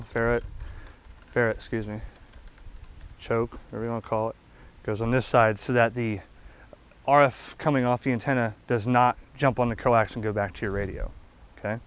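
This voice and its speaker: In a casual, folksy product demo for his ham radio channel, a man guides viewers through setting up an antenna, checking in often with "okay?". His mid-range voice is clear and resonant.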